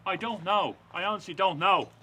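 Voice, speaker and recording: A man playing a frightened publican who pleads that he knows nothing in a dramatized reenactment, over loud music. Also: high-pitched, brisk, slight background noise. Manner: pleading, denying. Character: frightened male publican under interrogation.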